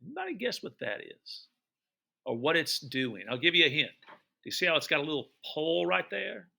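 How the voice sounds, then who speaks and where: A man's voice: a little high, sing-song, fairly quick, gravelly, bright, forceful tone. A middle-aged man teaching, narrating his travel photos for students in a chatty, enthusiastic way and quizzing them as he goes. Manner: chatty, enthusiastic, repeats words and quizzes listeners.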